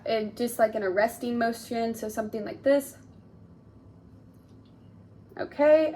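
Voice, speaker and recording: A young woman with a fairly high pitch acts as a speech therapy student examiner, politely and encouragingly giving step-by-step instructions during a clinical exam. She says "awesome" a lot, and there's a little hiss or hum.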